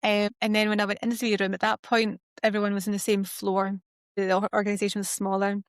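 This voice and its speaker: Give me a Scottish woman with a mid-pitched voice chatting casually as a podcast host, telling stories with lots of energy. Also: fast talker, no room sound, studio quality. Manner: animated storyteller who acts out quoted dialogue. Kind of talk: casual chat.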